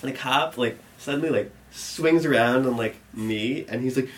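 A man's voice: fairly high pitch, sing-song, moderate pace, fairly bright tone. A young man telling a long funny story, rambling with many restarts and laughing at his own lines. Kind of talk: live storytelling.

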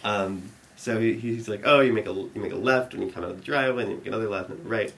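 A young man telling a rambling story to an audience, full of fillers, growing animated and laughing as it builds. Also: fairly low pitch, fast talker, creaky.

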